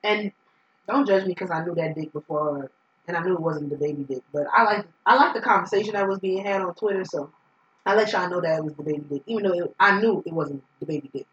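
A woman's voice: fairly low pitch, quick pace. A woman co-hosting a podcast in casual chat, blunt and profane, joking with her friends. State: tipsy. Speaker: podcast co-host. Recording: echoey room, dull lo-fi sound.

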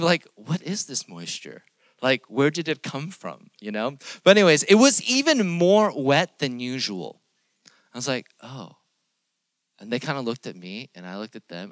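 Brief: young male pastor, lively storyteller, dips into whispers, dry close recording. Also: medium pitch, no room sound. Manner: animated storytelling, swings from loud to hushed whispers. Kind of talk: sermon with personal story.

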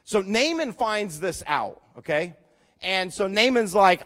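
Lively high-voiced male preacher. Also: a little slow. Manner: animated storytelling, voicing characters, rising to loud emphasis. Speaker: pastor. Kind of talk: sermon.

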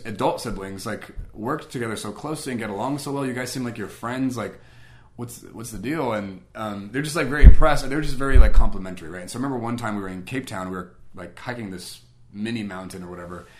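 A young man telling a personal story in a casual way, animated, acting out both sides of old conversations with many fillers. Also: fairly low pitch, a little fast.

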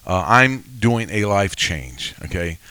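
A man's voice: on the low side, lively intonation, takes it slowly, bright, forceful tone, smooth, dry recording. A man in his sixties hosting a faith podcast, telling emotional stories in a rambling way with many restarts. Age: 60s. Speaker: podcast host. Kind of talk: casual faith podcast chat.

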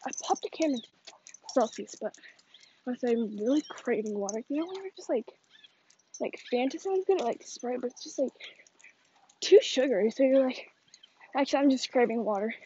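A young woman talks into her phone while walking outside, rambling through gossip with plenty of fillers. Her voice sits high. The recording is a bit muffled and lo-fi, with faint noise behind her. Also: lively intonation, normal speed, pauses often, dark tone. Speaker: vlogger. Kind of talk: casual fake phone chat while walking. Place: outdoors on a neighborhood walk with a dog. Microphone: phone held while walking.

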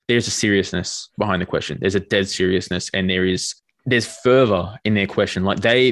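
A man's voice: fairly low pitch, no echo. A man narrating as game master of a tabletop game, rambling and restarting his sentences. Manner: rambling, full of fillers and restarts.

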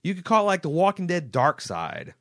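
Animated man podcast co-host. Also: sits high, brisk. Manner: animated, swears freely, reads listener emails aloud. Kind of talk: casual chat.

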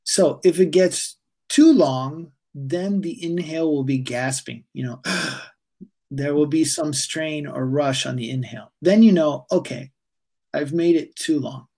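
A man, a yoga teacher being interviewed, speaking calmly and haltingly with many fillers as he guides a breathing exercise. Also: a little high, vocal fry, husky.

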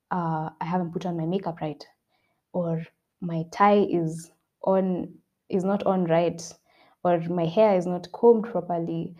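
A woman's voice: on the low side, muffled recording. A young woman hosting a self-help podcast, talking earnestly and repeating her points for emphasis. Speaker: podcast host. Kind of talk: motivational self-help talk.

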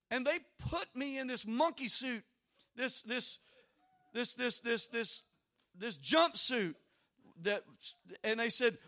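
A middle-aged man, a pastor preaching a sermon, telling a personal story in an animated way and often repeating his words. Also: extremely high pitch, slow, creaky, long pauses.

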